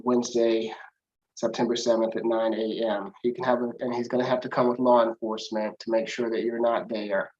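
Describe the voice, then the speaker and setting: A man acting as judge at a court hearing, speaking in a measured, procedural way with fillers. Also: mid-range voice, darkish tone, muffled recording.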